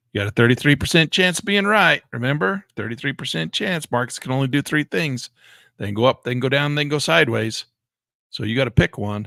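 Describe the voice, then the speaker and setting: Gravelly man calling live trades. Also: medium pitch, dry recording, studio quality. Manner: excitable, exclaims and talks to himself. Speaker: day trading educator. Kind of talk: live trading commentary.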